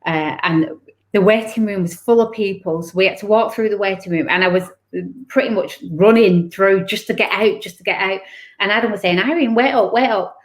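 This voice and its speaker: A woman's voice: medium pitch, fairly quick. A woman telling her own story as an interview guest. She speaks candidly and with emotion, acting out the things people said to her. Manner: candid, emotional, acts out remembered dialogue. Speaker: guest author.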